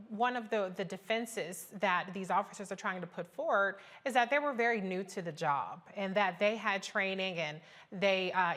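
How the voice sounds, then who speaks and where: A woman's voice: mid-range voice, fairly bright tone. Woman, news talk host, earnest, pointed questions, panel discussion.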